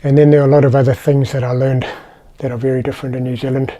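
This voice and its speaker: A man's voice: mid-range voice, level tone, racing, mellow. A middle-aged man from South Africa with a South African accent, chatting casually through personal anecdotes in a vlog. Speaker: vlogger. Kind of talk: casual storytelling.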